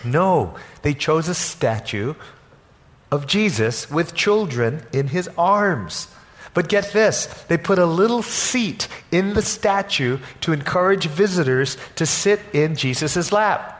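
A senior pastor preaching a sermon in church, telling the story with lively acted-out voices. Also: male voice, fairly high pitch, slow pace. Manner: animated storytelling, acts out quoted voices. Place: church sanctuary.

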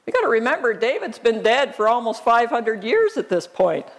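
A woman pastor preaching a sermon, reading scripture aloud in a deliberate, emphatic way. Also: fairly high pitch, very animated.

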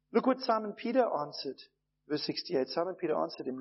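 High-voiced man preaching conversationally. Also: sing-song, a little fast. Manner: conversational storytelling, acts out quoted voices. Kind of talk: sermon. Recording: dull lo-fi recording.

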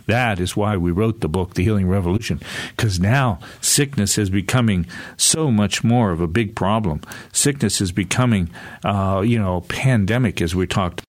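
An author and guest speaker in his sixties tells a casual, rambling story, chuckling often and restarting his sentences. His voice is lowish and his speed normal, with no room sound in the recording.

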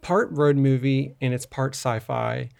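A man's voice: mid-range voice, steady tone, measured pace, vocal fry, a little mellow. A man co-hosting a film podcast, recapping a movie in a rambling, casual way with lots of fillers and restarts. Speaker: podcast co-host.

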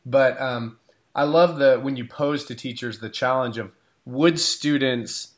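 A man co-hosting a podcast, a higher-ed educator and former teacher, talking in a reflective, thinking-aloud way. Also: measured pace. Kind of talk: casual podcast chat.

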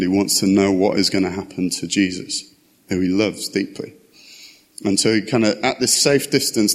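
A man with a fairly low voice delivers a relaxed sermon, moving between a scripture reading and chatty explanation with casual asides. His voice trails off into a long hall reverb. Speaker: preacher.

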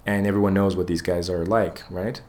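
A deep-voiced man co-hosting a casual podcast tells a story at a fairly quick clip. He's an animated storyteller, cursing freely and voicing the people he quotes.

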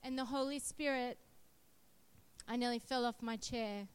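A woman giving a sermon built around her own testimony, speaking slowly and deliberately. Her voice sits a little high and sounds smooth and clear. She tells her story earnestly and with emphasis. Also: steady tone. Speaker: preacher sharing testimony.

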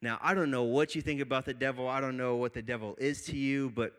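A man's voice: mid-range voice, steady tone, fast, a bit bright. A young man preaching to a college group, telling a funny personal story with laughs before moving into scripture. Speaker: pastor.

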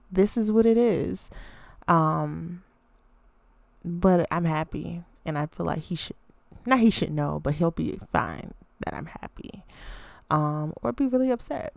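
A woman's voice: deep voice, gravelly, dry recording. A woman in her twenties hosting a podcast, talking candidly in a casual personal reflection, rambling with lots of fillers. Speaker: podcast host.

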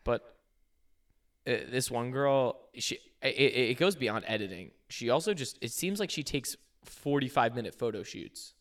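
His medium-pitched voice is animated and moves at a normal speed as he co-hosts a podcast. The young man keeps the chat casual, rambling with plenty of fillers and restarts.

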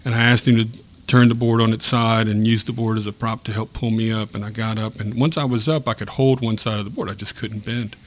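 A man sharing a personal faith story in a podcast chat, earnest and reflective, pausing and restarting as he speaks. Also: on the low side, steady tone. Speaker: guest telling a faith story.

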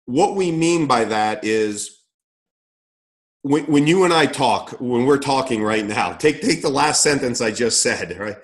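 A man's voice: medium pitch, expressive, measured pace. A middle-aged man explaining how coaches should communicate, emphatic and direct, often repeating words and asking rhetorical questions. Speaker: coaching consultant. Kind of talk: instructional talk.

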